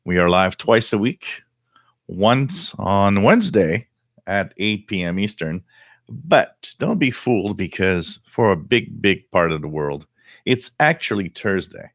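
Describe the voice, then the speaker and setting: Hosting a live hobby stream on the radio, this middle-aged Québécois man, a native French speaker, chats in a loose, meandering way packed with fillers. He speaks a little slowly in a low, slightly bright voice with lively intonation, and the studio-quality sound has no echo.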